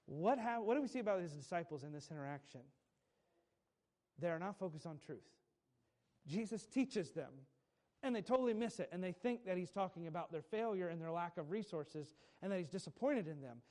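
A man's voice: sits high, lively intonation, fairly quick, a little mellow. A male preacher delivering a sermon with emphatic, repetitive phrasing and light chuckles.

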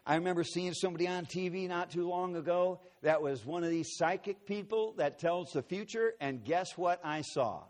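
Male preacher, sermon storytelling, earnest and dramatic, fairly high voice, big auditorium. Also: moderate pace, hardly any pauses, a little mellow. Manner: dramatic, earnest retelling with acted-out quotes. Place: large auditorium.

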